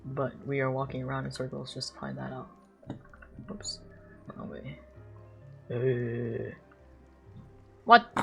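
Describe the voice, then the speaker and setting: A woman with a strikingly deep, low voice, talking through a game stream in a loose, rambling way. She is sarcastic and swears freely, with faint game music running behind her. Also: flat delivery, slow, gravelly, long pauses. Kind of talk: casual stream commentary and story recap.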